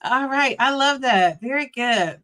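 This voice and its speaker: High-pitched and animated at a measured pace, her voice comes across pushed and bright. The middle-aged host chats casually on her livestream, laughs frequently, and reads out what viewers type.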